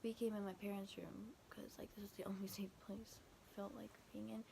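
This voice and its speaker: Flat, gravelly young woman telling a story. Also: mid-range voice, brisk, slight background noise. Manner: quotes texts with constant "I was like", "he's like"; rambling, filler-heavy, frequent restarts. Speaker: vlogger. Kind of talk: casual storytime retelling.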